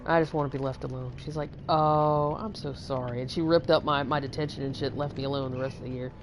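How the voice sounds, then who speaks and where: A woman's voice: extremely low pitch, steady tone, quick pace, a little hiss or hum. Rambling, foul-mouthed young woman telling stories. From Texas. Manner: rambling, swears freely, many fillers. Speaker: livestream host. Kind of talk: casual storytelling chat.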